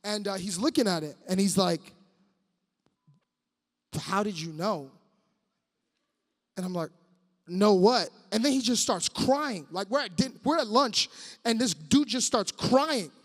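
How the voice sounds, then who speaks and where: A man in his thirties giving an animated, joking sermon to students, sometimes breaking into shouts. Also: sits high, moderate pace. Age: 30s. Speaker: youth speaker. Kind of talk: comic sermon storytelling. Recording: long hall reverb.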